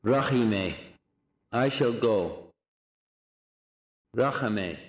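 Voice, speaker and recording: A man giving a recorded language lesson, saying phrases slowly and repeating each one for drilling. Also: medium pitch, animated, reverberant. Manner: slow, deliberate drilling of phrases with repetition. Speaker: language teacher.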